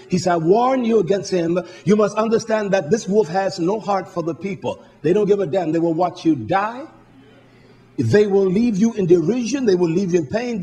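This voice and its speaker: A man preaching a sermon, fervent and blunt, swinging from quiet asides to shouted peaks. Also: high voice.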